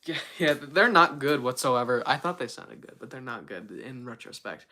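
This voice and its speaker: A woman's voice: a bass voice, expressive, moderate pace, few pauses, sharp tone. A young woman livestreaming in casual chat, rambling with many stumbling restarts and giggles.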